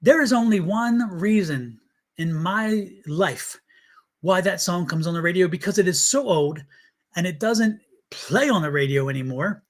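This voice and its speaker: High-voiced man hosting a chatty livestream. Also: animated, a little slow. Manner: earnest, blunt and chatty, addressing viewers directly. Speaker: tarot reader and livestream host. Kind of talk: casual live stream talk to viewers.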